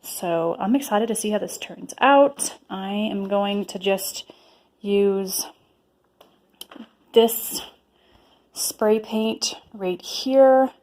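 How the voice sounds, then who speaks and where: A young woman in her twenties chats her way through a home craft vlog, rambling and peppering her talk with fillers. Her voice sits at an ordinary middle pitch. The room around her is noticeably echoey. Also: slow pace, pauses often, a little mellow. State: slightly out of breath. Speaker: lifestyle vlogger. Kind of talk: casual vlog chat.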